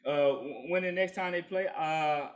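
A man co-hosting a casual sports talk debate, halting and stammering, trailing off mid-thought. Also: on the high side, dull audio.

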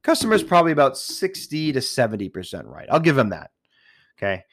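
A man's voice: mid-range voice, very animated, a little fast, dry recording, clean studio sound. A man talking to his listeners in a casual, rambling monologue. He swears a lot, talks nonstop and restarts his sentences often. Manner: profane, chatty, restarts often. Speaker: retail worker talking to listeners.

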